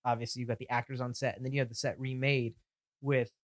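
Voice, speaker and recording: A man co-hosting a film podcast talks fast in a casual, chatty way. He gives loose, enthusiastic opinions, and his voice is close and dry, with no room sound behind it. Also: mid-range voice, little pitch movement, no room sound. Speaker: podcast co-host. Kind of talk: casual chat about a film.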